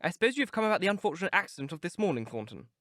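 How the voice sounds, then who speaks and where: A man's voice: big pitch swings, rapid-fire, fairly bright tone, dry recording. A man voicing an anxious, imperious young aristocrat in a dry audiobook reading, with his voice raised above his own. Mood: languid, bored. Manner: raised pitch, urgent and clipped.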